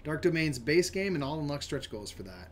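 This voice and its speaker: A man co-hosting a casual live stream, rambling and reading items aloud with animated delivery. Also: on the high side, fairly quick, slight background noise. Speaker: co-host.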